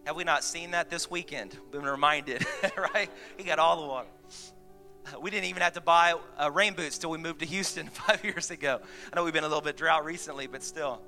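A man's voice: a little high, fairly quick, pushed and bright, soft background music. A man preaching a sermon to his church, chatty with laughing asides, building to emphatic points. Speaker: pastor. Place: church sanctuary.

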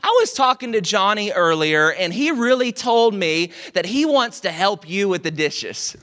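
A man's voice: high-pitched, expressive, measured pace, a bit bright. A man voicing a scheming little girl who speaks with sugary, overly polite words. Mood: sweetly scheming. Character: sly scheming little girl, a blackmailing sister.

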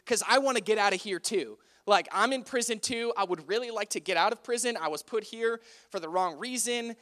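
A man's voice: high-pitched, fairly quick, fairly bright tone. A man voicing an earnest young male prisoner who interprets dreams, speaking in a casual, everyday way. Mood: pleading.

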